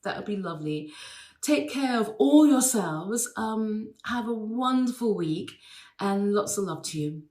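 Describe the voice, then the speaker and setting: A woman's voice: medium pitch, expressive, measured pace. English woman, chatty anecdotes full of restarts, roomy sound. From England. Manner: warm chatty storytelling with many fillers and restarts. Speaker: guest sending a recorded message. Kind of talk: casual recorded anecdote.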